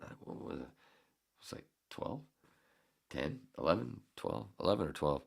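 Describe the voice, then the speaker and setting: A man's voice: rumbling low, big pitch swings, moderate pace, creaky, long pauses, slightly rough. A man in his fifties, a podcast host, telling a story in a casual, heated and profane way. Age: 50s.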